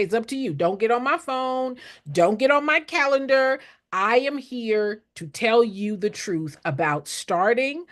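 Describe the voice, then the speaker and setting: Blunt, lively older woman teaching. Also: medium pitch. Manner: blunt, preachy, repeats lines for emphasis. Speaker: nonprofit consultant. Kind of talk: direct motivational teaching to camera.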